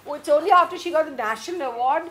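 An older woman telling animated anecdotes on stage, mimicking people and laughing often. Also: high voice, racing, noisy background. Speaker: guest speaker, filmmaker. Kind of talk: casual stage conversation.

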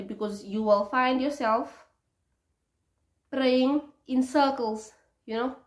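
A young woman talks in a casual, earnest devotional style, her voice sitting a little high for a woman. She doubles back and repeats words as she speaks. The room around her gives the voice a noticeable echo. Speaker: faith vlogger. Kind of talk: casual spoken devotional talk. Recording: roomy echo.

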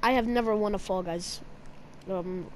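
A woman giving casual, jokey commentary while playing a game, yelping and shouting at the action. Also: medium pitch, normal speed, slight background noise. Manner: excitable, yelps and shouts at the game; jokey, teasing asides to viewers. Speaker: gamer.

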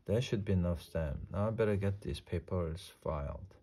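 Earnest literal-minded housemaid, a man doing the voice, low and mellow, slow and puzzled. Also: slight background noise, close to an everyday voice.

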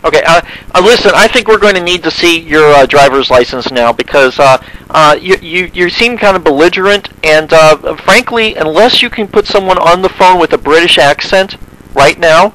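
A man on a prank phone call talks in a high, bright voice. He stammers and restarts often, sounding politely suspicious while playing along. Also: lively intonation, moderate pace. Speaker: prank caller.

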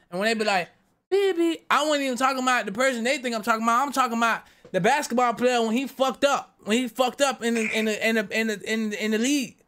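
A young man talks through a video reaction in a high, bright voice. He rambles, swears freely and keeps defending himself in loose casual chat.

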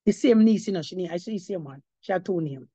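A woman's voice: on the low side, expressive, fast talker, mellow, no room sound, dull audio. A woman giving her testimony as an apostle, preaching to a congregation and slipping between English and patois, rising to emphatic cries of praise.

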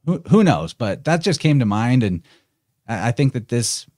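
A man's voice: mid-range voice, big pitch swings, moderate pace, darkish tone, no echo, clean studio sound. A man talking as a podcast guest, chatty and musing, laughing easily. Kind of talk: casual conversation.

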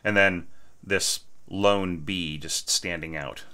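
A man's voice: low voice, fairly even intonation, slow, bright, forceful tone, smooth. A man giving an informal lecture on orchestration, enthusiastic, often checking in with "right?" and singing short phrases.

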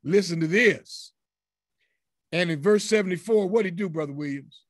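A man with a Southern US accent leads a Bible study. His voice sits on the higher side, and the sound is dry and close. He teaches in an animated way and acts out the voices in the passage. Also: moderate pace, no echo. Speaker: pastor leading Bible study.

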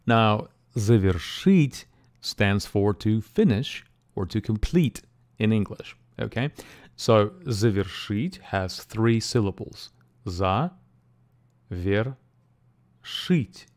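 Male tutor, low-pitched, very slow and deliberate, casual fillers. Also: lively intonation, a little mellow. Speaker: language teacher. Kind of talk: pronunciation lesson.

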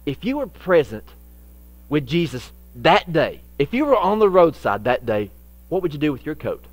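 A man's voice: fairly high pitch, very animated, normal speed, dry recording, soft background music. Folksy male pastor preaching with emotion. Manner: dramatic swings between loud and hushed; down-home folksy phrasing. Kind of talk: sermon.

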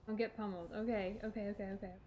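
A woman's voice: medium pitch, steady tone, rapid-fire, darkish tone, slight background noise. A young woman streaming a video game, talking to herself with chatty, dramatic exclamations. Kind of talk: let's play commentary.

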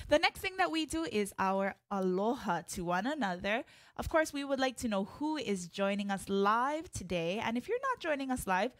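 A woman teaching an online hula class, chatting to viewers by name in a friendly way and leading chants in long drawn-out tones. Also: medium pitch, no room sound, clean studio sound.

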